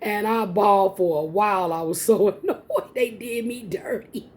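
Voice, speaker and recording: Woman vlogger, warm mellow tone, casual storytelling to viewers, laughs often. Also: mid-range voice, unhurried, slight background noise. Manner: animated, laughing often, addresses viewers as y'all. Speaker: mukbang vlogger. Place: home, eating on camera.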